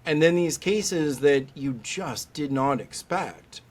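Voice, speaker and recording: A man's voice: on the high side, slow pace. A middle-aged man, a veterinary specialist, talking as a guest on a podcast and acting out the voices of people he quotes. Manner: animated storyteller, acts out quoted voices. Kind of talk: podcast interview.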